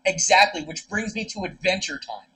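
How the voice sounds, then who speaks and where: A man's voice: high-pitched, normal speed, sharp tone, low-quality recording. A young man co-hosting a podcast in casual chat, rambling through stories with many fillers and restarts. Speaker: podcast co-host.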